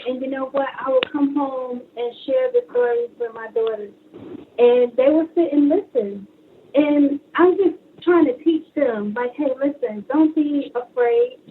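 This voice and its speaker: High-voiced woman on a phone line. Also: slight background noise. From Brooklyn, New York. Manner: animated storyteller acting out quoted dialogue, laughing and tearful at times. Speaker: guest author. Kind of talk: casual interview chat.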